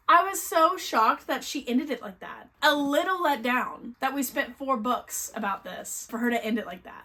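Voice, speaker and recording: Blunt, animated young woman ranting. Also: sits high, normal speed. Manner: blunt, animated, swears freely. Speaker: book vlogger. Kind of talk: casual book review rant.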